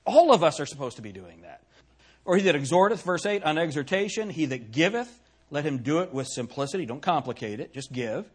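A man's voice: fairly high pitch, sing-song, brisk, slightly rough. A male pastor preaching a sermon, emphatic, putting questions to the congregation and reading scripture aloud. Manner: reads scripture in old-fashioned wording.

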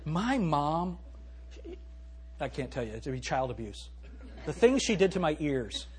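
A man preaching a sermon as pastor in a church, animated and swinging from loud to hushed, reading scripture slowly and emphatically. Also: a little high. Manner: reads scripture in a slow, emphatic cadence. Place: church sanctuary.

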